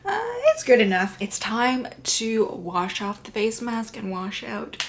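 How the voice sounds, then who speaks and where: A woman's voice: fairly high pitch, measured pace, slight background noise. A woman vlogging casually at home at night, chatty and playful, sometimes dropping to a whisper. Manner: chatty and playful, drops into whispers now and then. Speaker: beauty vlogger. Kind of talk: casual chat to camera.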